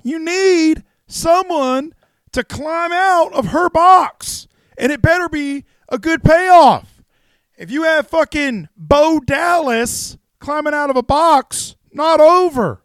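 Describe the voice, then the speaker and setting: Guy doing a loud old wrestling promoter, shouty and high, all over the place, dry close mic. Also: animated, slow pace, dry recording, heavily acted. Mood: ranting. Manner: shouting, high-pitched and emphatic. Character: loud ranting older male wrestling promoter.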